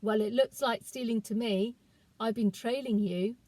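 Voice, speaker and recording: A woman's voice: fairly high pitch, measured pace, a little mellow, dry recording. A woman voicing a wary teenage village boy who speaks bluntly and suspiciously.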